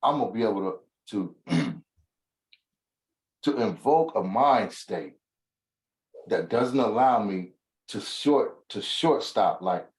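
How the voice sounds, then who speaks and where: A man's voice: lowish voice, lively intonation, slow, pauses often. A man hosting a motivational talk, speaking thoughtfully and casually, often searching for his words. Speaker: host. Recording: roomy echo.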